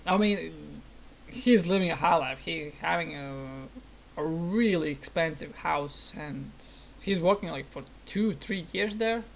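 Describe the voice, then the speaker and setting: Woman streamer, lowish voice, loose casual storytelling full of fillers. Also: a little slow, slight background noise. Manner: rambling storytelling with frequent fillers. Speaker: gaming streamer. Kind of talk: casual chat while streaming.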